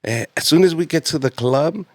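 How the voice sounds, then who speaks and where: A man's voice: a little high, animated, a little fast, darkish tone, no room sound. A man in his late thirties, a comedian guest telling casual, profane stories and laughing often. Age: 30s. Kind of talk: casual storytelling.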